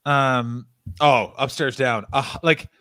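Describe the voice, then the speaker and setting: A man's voice: medium pitch, fairly even intonation, sharp tone, no room sound, clean studio sound. A man co-hosting a casual live stream, tired, teasing his friend and ranting in bursts. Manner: ranting, teasing, quick jokes. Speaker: podcast co-host.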